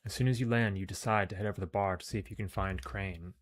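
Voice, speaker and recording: A man's voice: deep voice, steady tone, fast, no echo. A man reading game text aloud as narration, with casual, sometimes profane asides. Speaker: game streamer.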